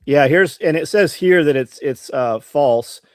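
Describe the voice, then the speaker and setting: A man's voice: a little high, measured pace, dry recording, clean studio sound. A man co-hosting a casual live talk show, speaking with hesitant starts. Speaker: co-host.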